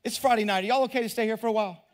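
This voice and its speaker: High-voiced preaching man with a drawl. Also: very fast. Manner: conversational, repeats words, asks the crowd questions. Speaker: pastor. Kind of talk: preaching sermon.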